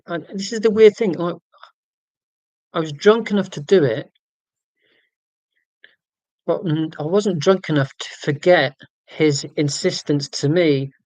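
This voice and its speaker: A man's voice: fairly high pitch, dry recording. A man, hosting a casual livestream and rambling self-deprecatingly through tangents. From United Kingdom. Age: 40s. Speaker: livestream host.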